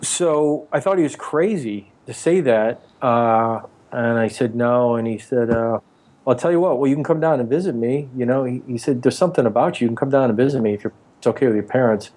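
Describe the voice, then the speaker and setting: A man in his forties tells long, rambling stories from his early acting days in a casual interview. He slips into the voices of the people he quotes. His voice sits at an everyday middle pitch. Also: a little fast, darkish tone. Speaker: actor and author, interview guest.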